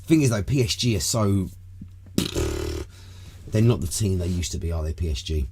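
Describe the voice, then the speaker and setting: A man's voice: low voice, expressive, normal speed, background noise. A man hosting a casual live stream, rambling loosely from topic to topic and swearing freely. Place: home room.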